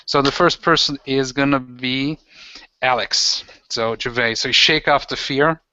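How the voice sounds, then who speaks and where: Man, game master, tabletop game, halting explanations, dry, dull lo-fi sound. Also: mid-range voice, bright, forceful tone, no room sound. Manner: halting, filler-heavy explaining. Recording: dull lo-fi home recording.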